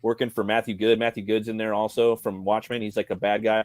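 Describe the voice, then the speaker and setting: This co-host talks fast in a fairly low, flat voice, captured in a dry recording. He rambles and swears heavily through a casual movie chat on a convention livestream, tossing in "you know what I mean" frequently.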